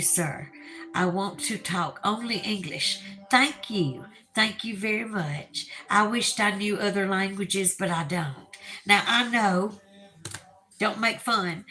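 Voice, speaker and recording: On a livestream with poor audio, a Southern US woman chats casually as host, reading out viewer comments and laughing frequently. Her voice is medium-pitched, bright and forceful.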